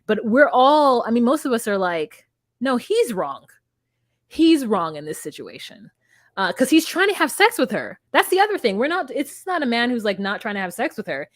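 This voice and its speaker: A woman's voice: a little high, very animated, brisk, few pauses, no room sound, studio quality. A young woman co-hosting a podcast, recapping reality TV bluntly and swearing freely. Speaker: podcast co-host. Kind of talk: casual reality TV recap chat.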